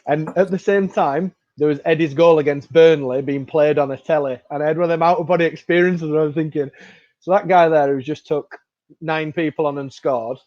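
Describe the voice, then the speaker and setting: Podcast host, bit high-pitched, chatty, dry dull lo-fi recording. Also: male voice, dry recording. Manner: chatty storyteller, relaxed and enthusiastic. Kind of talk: casual chat.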